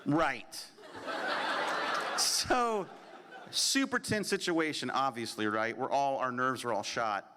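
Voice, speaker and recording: A man telling a comic story at a convention panel, animated and profane, acting out the other people in it. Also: mid-range voice, slow, long pauses, very noisy. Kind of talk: comedic storytelling at a live panel. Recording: echoey convention hall.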